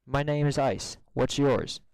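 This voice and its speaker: A smooth-talking young stallion from a fan storybook, all compliments and easy denials, as a man reading the story plays him. The voice is mid-pitched, smooth and dry. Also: unhurried, dry recording, lightly acted, poor audio. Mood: flattering. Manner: flattering, defensive, casual. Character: smooth-talking young male pony, former bully.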